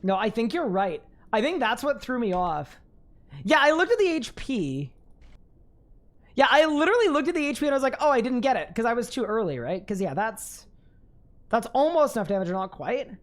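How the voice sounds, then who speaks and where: Excitable young female streamer, higher voice, lively delivery, live game commentary. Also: fairly quick. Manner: excitable, laughs often, talks to chat. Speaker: gaming streamer.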